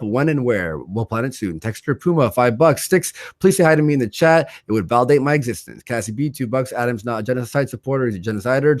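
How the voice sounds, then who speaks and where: A man hosting a livestream, quickly reading out viewer donations and their messages in a casual way. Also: mid-range voice, a little mellow, no room sound, clean studio sound. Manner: rattles off donor names and messages. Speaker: livestream host.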